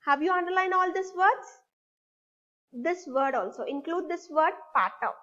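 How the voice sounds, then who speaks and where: Woman teacher, high voice, slow patient prompts, slightly dull lo-fi sound. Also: lively intonation, a bit bright. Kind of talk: recorded online English lesson.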